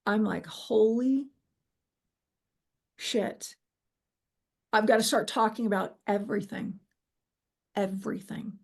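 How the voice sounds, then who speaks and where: A woman sharing her near-death experience in an earnest, halting way, restarting sentences and quoting her own thoughts. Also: a little high, gravelly, darkish tone, husky. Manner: earnest, halting, with many restarts and quoted inner voice. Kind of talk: emotional personal storytelling.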